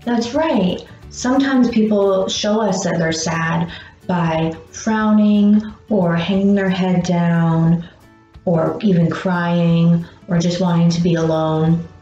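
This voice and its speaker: A woman teaching young children about feelings, speaking slowly and encouragingly and pausing for their answers. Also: lowish voice, steady tone, dark tone. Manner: slow, encouraging, pauses for answers. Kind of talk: gentle lesson for young children. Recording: dull roomy sound with faint music.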